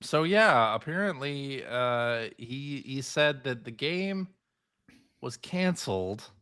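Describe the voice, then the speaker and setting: Bright-voiced, giggly male podcast host. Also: mid-range voice, animated, slow pace, clean tone. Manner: laughs often, relays news loosely. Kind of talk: casual chat.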